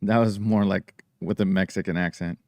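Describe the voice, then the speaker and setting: A man's voice: sits low, steady tone, moderate pace, a little mellow, no echo. A man co-hosting a podcast in casual chat, joking and teasing his friends. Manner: joking, teasing, swears freely. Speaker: podcast co-host.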